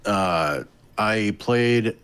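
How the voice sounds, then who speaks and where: Man, co-host, low voice, casual gaming chat, swears, trails off. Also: expressive, drawn-out words, fairly bright tone, clean tone. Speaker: podcast co-host.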